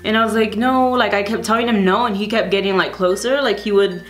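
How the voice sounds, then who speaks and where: A woman's voice: medium pitch, steady tone, fast talker, faint music behind. A young woman vlogger casually telling a storytime to camera, rambling with lots of fillers.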